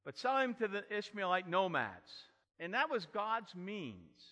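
A man's voice: high-pitched, very animated, unhurried, sharp tone. A man preaching an expository sermon and telling the story with dramatic emphasis. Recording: long hall reverb.

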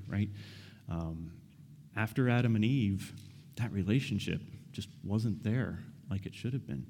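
A man's voice: fairly low pitch, a little mellow. A man giving a casual, conversational sermon, asking his listeners questions and often adding "right?". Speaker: preacher. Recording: reverberant hall.

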